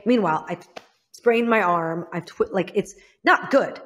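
A woman's voice: medium pitch, normal speed. A woman from Illinois, a guest in an interview, telling a frank personal story and often calling herself out. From Illinois, United States. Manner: frank, self-critical, acts out others' lines.

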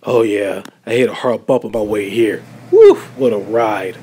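A man voicing a steady, caring young male turtle leader in a homemade stop-motion film. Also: on the low side, normal speed, slightly rough. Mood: concerned. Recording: music playing under the voice.

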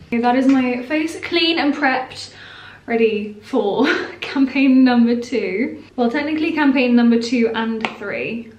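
A woman's voice: a little high, a little mellow. A young woman vlogging at home, chatting to camera in a gushing way with many "like"s. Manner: chatty, gushing, says "like" a lot. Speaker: influencer vlogger. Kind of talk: casual vlog chat to camera. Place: bedroom at home, indoors. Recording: echoey room.

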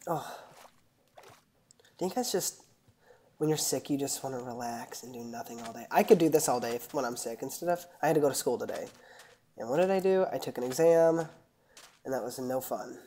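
A woman with a notably low voice talks through a casual gaming session. She rambles between what she's doing and friendly asides to her audience. A faint hiss of background noise sits under her voice. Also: expressive, brisk, long pauses, warm tone. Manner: chatty, rambling, talks to viewers. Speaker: gaming channel host. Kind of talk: casual gameplay commentary.

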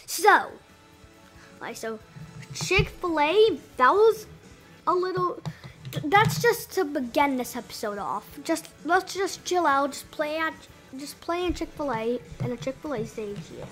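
A woman giving casual, rambling gameplay commentary, excitable and full of restarts and exclamations. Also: high voice, measured pace, faint music behind. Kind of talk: casual let's-play commentary.

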